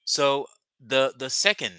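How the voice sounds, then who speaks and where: A man teaching a live language lesson, patiently repeating words slowly for learners. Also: mid-range voice, animated, sharp tone, clear, resonant tone, dry recording.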